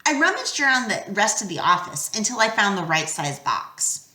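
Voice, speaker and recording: Expressive woman reading a storybook. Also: mid-range voice, moderate pace. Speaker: audiobook reader. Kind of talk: storybook narration. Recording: roomy echo.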